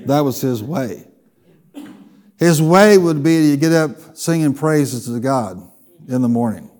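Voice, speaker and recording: A man preaching a sermon, telling a funny personal story with lively, animated delivery. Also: mid-range voice, takes it slowly. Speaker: pastor.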